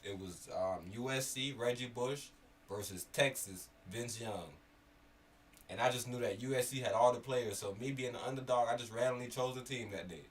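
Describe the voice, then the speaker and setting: A man from Miami telling stories in casual chat, animated and swearing, getting loud when worked up. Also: mid-range voice, normal speed. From Miami area. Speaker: podcast co-host. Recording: slightly distant mic, faint background noise.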